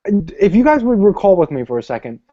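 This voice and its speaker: A man in a casual movie debate, lively and self-mocking. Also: sits high, quick pace, no room sound, lo-fi sound.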